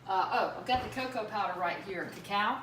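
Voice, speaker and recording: A woman's voice: mid-range voice, a little fast. A woman chatting casually as she demonstrates a recipe in her home kitchen, rambling with plenty of fillers and asides. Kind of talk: casual cooking demo. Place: home kitchen with running water. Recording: echoey room, mic at a distance, loud background noise.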